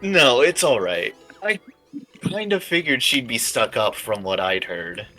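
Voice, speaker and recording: A man's voice: mid-range voice, very animated, unhurried, sharp tone, soft background music, pitched above the performer's own voice, low-quality recording. A man voicing a friendly, awkward young female corgi puppy in a live story reading.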